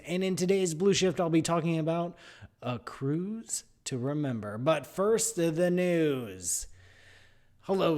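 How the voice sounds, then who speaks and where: Playful man hosting a radio show. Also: a little high. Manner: playful, animated, jokey asides. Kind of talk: live radio science show. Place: radio studio.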